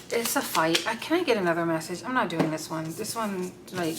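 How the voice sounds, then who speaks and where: A woman's voice: fairly low pitch, a little fast, few pauses, a little hiss or hum. Blunt, foul-mouthed woman reading tarot. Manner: blunt, swears freely, talks to the cards aloud. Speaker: tarot card reader. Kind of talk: casual unscripted tarot reading.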